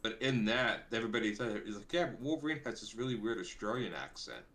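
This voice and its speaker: A man with a low, forceful voice chats casually on a show. He rambles from one recollection to the next, telling stories as he remembers them. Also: expressive, quick pace. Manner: rambling, reminiscing storyteller. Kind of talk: casual chat.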